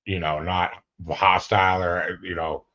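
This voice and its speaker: A man with a low, bright, forceful voice speaks at a measured pace and level tone while co-hosting a casual chat reacting to police footage. He jokes, rambles, and laughs often, and the audio is dull and lo-fi.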